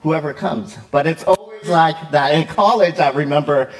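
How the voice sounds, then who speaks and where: A man preaching in a relaxed, talkative way, his voice sitting a little higher than most men's. He keeps checking in with his listeners, stumbles and restarts, and slips in plenty of fillers as he goes. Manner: lively, chatty, often checks in with "right?"; quick, with fillers and self-corrections. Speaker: pastor. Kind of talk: conversational sermon.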